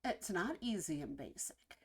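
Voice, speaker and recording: A woman with a husky, somewhat low voice talks through her reactions in a casual, earnest way. She is reflective and halting, stopping to gather her thoughts before going on. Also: very animated. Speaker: reaction video host. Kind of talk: casual spoken reaction commentary.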